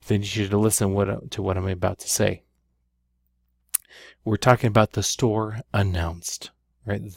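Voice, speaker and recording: Slow, gravelly-voiced male Spanish teacher. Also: fairly low pitch, no echo, clean studio sound. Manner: patient, explains step by step, often checks with "right?". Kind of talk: recorded classroom lesson.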